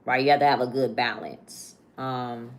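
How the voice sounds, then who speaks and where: A young woman doing a casual, chatty live tarot reading, slangy and quick to laugh. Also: very deep voice, steady tone, a little hiss or hum. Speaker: tarot reader.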